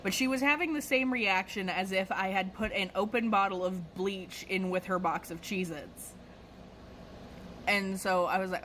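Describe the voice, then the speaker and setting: A woman telling a casual storytime monologue about her cashier job, animated and profane. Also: mid-range voice, normal speed, a little hiss or hum, rough recording.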